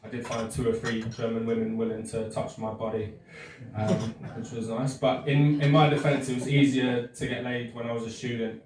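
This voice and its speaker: A young man doing a stand-up comedy set in a pub, with a dry, halting delivery full of fillers and restarts. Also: medium pitch, darkish tone, a little hiss or hum. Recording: echoey pub room with distant mic. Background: crowd laughter.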